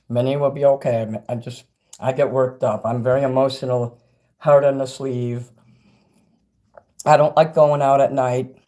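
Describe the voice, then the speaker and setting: A middle-aged man livestreaming and reading chat, ranting angrily and profanely, swinging between loud outbursts and quiet asides. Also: medium pitch. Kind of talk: angry livestream rant.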